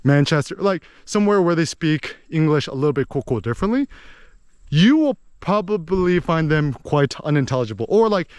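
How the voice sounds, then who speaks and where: A man giving a rambling, animated casual monologue as a podcast host. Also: a little high, normal speed, clear, resonant tone, no room sound, studio quality. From United States. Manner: animated, rambling, with many fillers.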